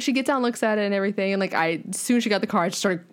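A young woman chats as a podcast guest, spinning a long, animated anecdote. She rambles and leans on "like" constantly, with a middle-pitched, everyday voice. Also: rapid-fire. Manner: animated, rambling, heavy use of "like". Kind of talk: casual chat, storytelling.

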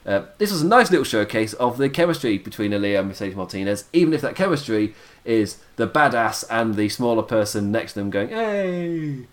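A man's voice: on the low side, expressive, brisk. A tired man hosting a casual podcast, chatty and laughing often, his voice wearing out. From United Kingdom. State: tired, voice going. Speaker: podcast host reviewing wrestling. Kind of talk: casual chat.

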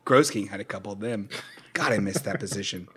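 A man's voice: lowish voice, brisk, husky. A man co-hosting a comedy podcast, bantering in a playful, jokey way. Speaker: podcast co-host. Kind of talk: comedic casual chat.

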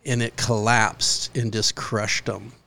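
A man co-hosting a casual podcast, telling a story step by step in a relaxed way. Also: fairly low pitch, takes it slowly, vocal fry. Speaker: podcast co-host.

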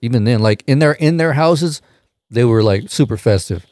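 A young man hosting a podcast, telling crude stories in a loose, animated way and shouting out his quotes. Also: medium pitch, normal speed, dry recording, clean studio sound. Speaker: podcast host. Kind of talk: casual podcast chat.

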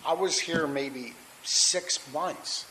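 Extremely slow and sharp-toned, a middle-aged man with a voice on the high side gives personal testimony at a recovery meeting. He is candid and rambling, restarting and using fillers, and the poor audio has a faint hiss.

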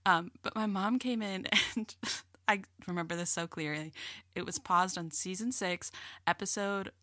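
A woman's voice: mid-range voice, normal speed, bright, forceful tone, no echo, clean studio sound. A young woman co-hosting a podcast, chatting casually with frequent fillers and laughter. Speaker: podcast co-host. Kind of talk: casual chat.

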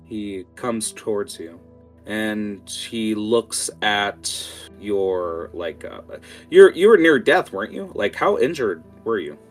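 Slow, low-voiced man narrating a tabletop game. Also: faint music behind. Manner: relaxed, halting, with many fillers. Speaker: game master.

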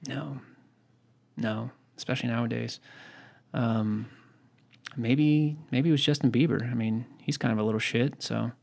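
A man's voice: mid-range voice, a little slow, gravelly, pauses often, a little mellow. A man co-hosting a podcast, chatting casually in a rambling, profane, joking way. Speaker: podcast co-host. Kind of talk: casual chat.

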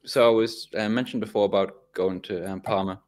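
A low-voiced man with a North East English coastal accent talks in a loose, chatty way, swearing now and then and circling back on his sentences. He sounds like a podcast co-host in relaxed conversation. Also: brisk. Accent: North East English, Tyneside coast. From North East England. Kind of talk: casual chat.

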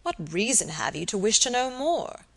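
A proper village surgeon, voiced by a woman reading aloud in a Victorian audiobook. He speaks formally and stiffly, pitched in the middle range. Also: sing-song, normal speed, gravelly, a bit bright, full character voice. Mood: formal, indignant. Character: respectable older male village surgeon, proper and indignant.

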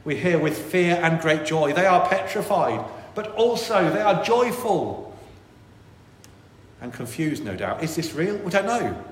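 A man's voice: fairly high pitch, measured pace. Man preaching in an echoey church. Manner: animated, voices worried inner thoughts. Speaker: priest. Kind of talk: sermon. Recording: echoey church with long reverb.

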